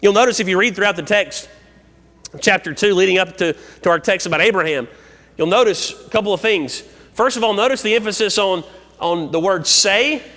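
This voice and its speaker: Bright-voiced man preaching in a reverberant hall. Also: sits high. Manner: expository, reads scripture aloud and explains it. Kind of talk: sermon. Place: church sanctuary. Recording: long church hall reverb.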